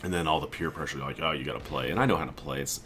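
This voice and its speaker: A man's voice: very deep voice, very fast, a bit bright, a little hiss or hum. A man casually telling a story about a weekend trip, quoting his friends and sounding exasperated. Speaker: gaming video creator.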